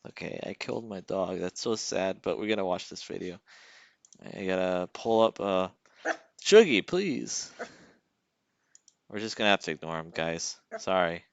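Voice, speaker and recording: A man's voice: sits low, fairly even intonation, normal speed, vocal fry, clean tone, dry recording, muffled recording. A man streaming as a game developer, chatting casually and teasing his dog at home.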